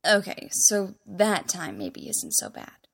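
A woman reading fan fiction aloud, narrating with wry, expressive emphasis. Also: lowish voice, takes it slowly, vocal fry, breathy edge.

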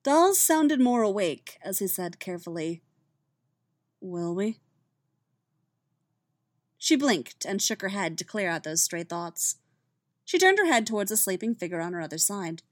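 A woman reading fan fiction aloud as a podfic, with soft, steady storytelling. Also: mid-range voice, moderate pace, no room sound. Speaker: podfic reader.

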